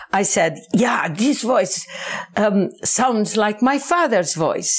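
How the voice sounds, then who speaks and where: A woman, a book author answering interview questions in English, halting and searching for words. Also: mid-range voice, animated, breathy edge.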